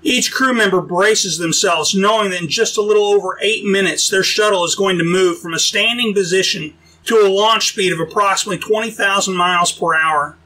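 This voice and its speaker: A man narrating a science-fiction audiobook in an even, explanatory storytelling manner. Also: high voice, a little fast, hardly any pauses, rough recording. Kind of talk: scripted narration.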